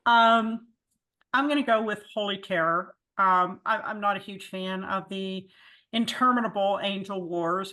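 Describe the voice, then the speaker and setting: A woman's voice: mid-range voice, sharp tone. A woman moderating a fan panel on a video call, calling on speakers and adding wry opinions of her own. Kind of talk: casual video-call chat.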